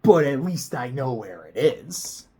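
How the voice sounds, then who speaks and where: Man, vlogger, lively swooping pitch, unhurried delivery, casual swearing. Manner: animated, swings between loud excited bursts and quiet near-whispers; frequent swearing, casual slang. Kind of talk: casual personal storytelling.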